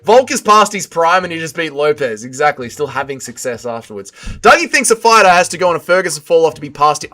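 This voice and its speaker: Young guy on a livestream, kinda high sharp voice, cursing, ranting then mumbling sorry. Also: sing-song, fast, few pauses. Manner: swears a lot, swings from ranting to mumbled apologies. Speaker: livestream host reading chat. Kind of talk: casual livestream chat.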